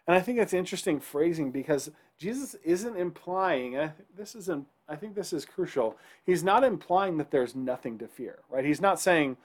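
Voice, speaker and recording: A man's voice: fairly high pitch, expressive, moderate pace. Man preaching a conversational sermon. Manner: conversational preaching, frequent "right?" to the congregation. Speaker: pastor.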